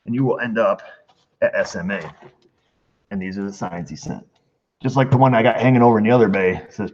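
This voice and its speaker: A man hosting a casual mail call in his repair shop, joking and reading letters aloud with asides. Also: medium pitch. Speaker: mechanic and channel host. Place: auto repair shop bay. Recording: dull lo-fi sound with faint noise.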